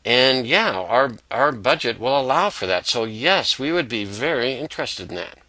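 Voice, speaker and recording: A man voicing a confident corporate client with a measured, businesslike manner. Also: medium pitch, lively intonation, bright, forceful tone, no room sound.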